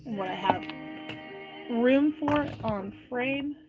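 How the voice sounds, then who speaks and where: Her voice fairly high and her delivery slow, a jewelry maker hosts a live craft tutorial on wire wrapping over music, recorded roughly. She describes every step unhurriedly and keeps up a chatty exchange, reading viewers' comments aloud and answering them between steps.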